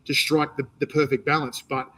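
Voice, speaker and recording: A man with an Australian accent hosting a casual interview, talking in a rambling, animated way with many restarts. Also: fairly high pitch, a little fast, rough recording. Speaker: interview host and competition organizer. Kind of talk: casual interview chat, live stream.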